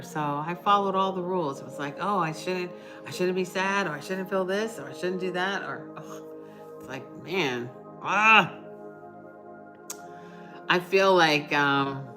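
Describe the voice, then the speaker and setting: A middle-aged woman hosting a casual livestream, chatting with viewers, reading their comments and offering warm reassurance. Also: low voice. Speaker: livestream host. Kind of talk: casual live chat with viewers.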